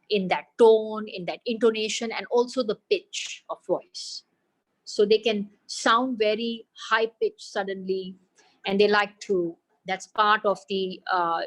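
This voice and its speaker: A woman's voice: medium pitch, low-quality recording. A woman with an Indian accent, speaking as an expert answering parents' questions in a webinar over a video call, explaining patiently and slipping into Hindi phrases. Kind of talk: webinar Q&A advice.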